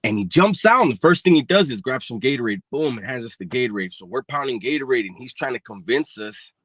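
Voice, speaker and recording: A man's voice: medium pitch, animated, quick pace, fairly bright tone, no room sound. A man in his forties telling a personal story in a casual, profane, slang-heavy way. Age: 40s.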